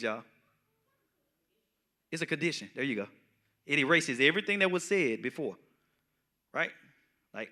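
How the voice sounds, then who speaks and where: A man's voice: on the high side, pushed and bright. A man, a pastor teaching a Bible study in a conversational way, often checking in with the listeners. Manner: conversational, often asks the audience "right?".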